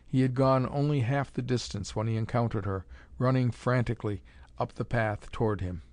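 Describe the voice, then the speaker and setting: In a dramatic, measured reading, a man narrates a pulp adventure story in an ordinary middle-pitched voice that is steady and a little mellow. The recording is close and dry, with no room sound.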